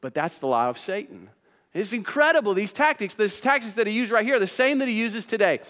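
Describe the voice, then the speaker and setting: Male pastor, high voice, preaching with rhetorical questions, hall reverb. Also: very animated, a little fast, a bit bright. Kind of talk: sermon.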